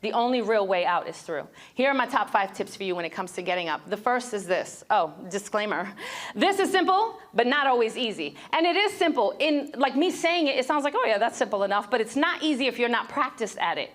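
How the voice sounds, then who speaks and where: A woman giving a motivational speech to students at a breakfast event, telling her story in an animated way and acting out the people in it, speaking into a handheld mic. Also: fairly high pitch, a little fast. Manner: animated storyteller, acts out quoted voices.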